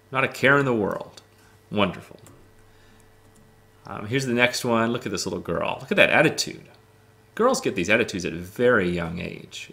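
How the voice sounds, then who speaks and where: A man's voice: low voice, creaky, sharp tone. A man casually talking through his travel photos, rambling and enthusiastic with lots of ums. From United States. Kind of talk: casual talk over photos.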